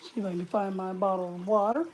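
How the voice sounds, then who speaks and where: A woman's voice: mid-range voice, fairly even intonation, quick pace, a little mellow, a little hiss or hum. Breathless woman hosting a casual live stream. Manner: rambling, greets viewers by name. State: short of breath.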